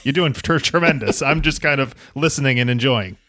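A man's voice: medium pitch, fairly quick, sharp tone. A man guesting on a casual podcast, easygoing and self-deprecating, laughing easily.

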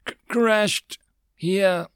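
Man doing a dazed young pilot, halting whisper, higher and slower than the narrator, dry. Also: dry recording. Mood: weak, stammering.

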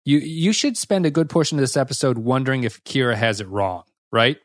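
Man, podcast co-host, casual review talk, wry and critical, mid pitch, dry close mic. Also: fairly quick, no echo.

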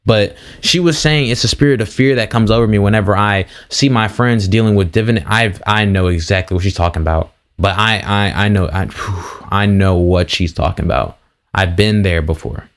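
Young male podcast host, low voice, laid-back slangy storytelling, lots of restarts. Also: normal speed. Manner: animated retelling, slangy with "bro" and "bruh", frequent restarts. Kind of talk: casual storytelling.

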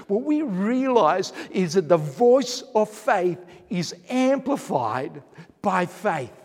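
A middle-aged man preaching a sermon, telling a story earnestly, with restarts and shifts between loud and quiet. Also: high voice, long reverb tail. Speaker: pastor.

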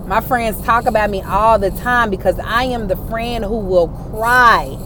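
Against a noisy background, a female host leads a faith-based motivational talk at a measured pace in a medium pitch. Her delivery is emphatic and repetitive as she rallies the viewers and listeners she addresses.

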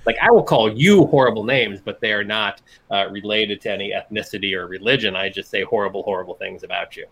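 A man's voice: on the low side, quick pace, hardly any pauses, a bit bright, slightly rough. Wry man reading news with jokes. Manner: wry, reads news items with jokey asides. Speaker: podcast co-host. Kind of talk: casual news-commentary chat.

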